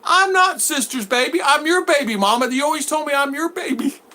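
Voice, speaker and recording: A man acting out a small child pleading with its mother in a high, whiny voice. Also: a little fast, bright, forceful tone, heavily acted.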